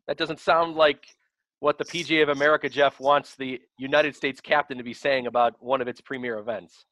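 A man's voice: mid-range voice, steady tone, fairly quick, bright, forceful tone, no echo, rough recording. A man hosting a sports radio talk show, introducing the segment and posing questions to his guests.

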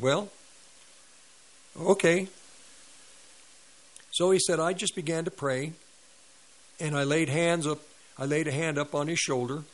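A man's voice: on the high side, fairly bright tone, low-quality recording. A man preaching on a radio ministry, retelling a story with quoted dialogue and sound effects. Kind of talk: sermon storytelling.

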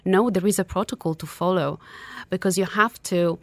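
Italian woman with a low, dry voice. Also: dry recording. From Italy. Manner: open, earnest, slightly halting. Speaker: guest, author and motivational speaker. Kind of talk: personal story in an interview.

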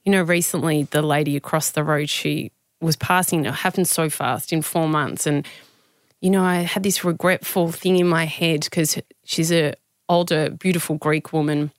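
Woman podcast host from Australia, lowish voice, dry close sound, affirming and chatty. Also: fairly even intonation, normal speed, no echo. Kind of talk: conversational interview.

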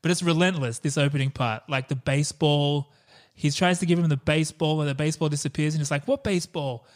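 A man's voice: fairly high pitch, fairly even intonation, quick pace. A man co-hosting a podcast, chatting casually about a movie, enthusiastic, laughing often and swearing casually. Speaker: podcast co-host.

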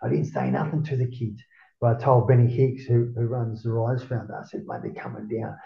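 A middle-aged Australian man telling stories in casual talk, animated and swearing a lot, acting out quoted voices. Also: mid-range voice, brisk. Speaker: podcast guest. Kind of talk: casual storytelling interview. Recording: roomy, muffled lo-fi recording.

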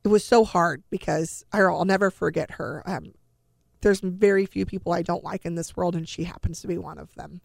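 A woman's voice: on the low side, fairly even intonation, normal speed, creaky, a little mellow, no echo, clean studio sound. A middle-aged woman, a mother and guest in an interview, telling her own story in an earnest, conversational way, often repeating words. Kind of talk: emotional personal storytelling in an interview.

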